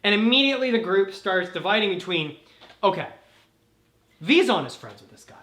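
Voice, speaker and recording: A woman hosting a casual chat, retelling a story in an animated way, laughing and swearing as she goes. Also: mid-range voice, fairly quick. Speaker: host. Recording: roomy echo.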